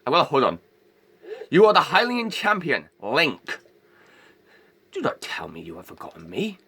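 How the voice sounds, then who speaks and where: A man puts on a giant, kindly old fish king in an amateur game voice-over. He speaks in lofty, old-fashioned phrases. His voice leaps around a wide range with a bright, forceful edge. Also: fairly high pitch, wildly swooping pitch, unhurried, husky, heavily acted. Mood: welcoming. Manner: formal, grand old-fashioned speech. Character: huge regal old male fish king, warm-hearted.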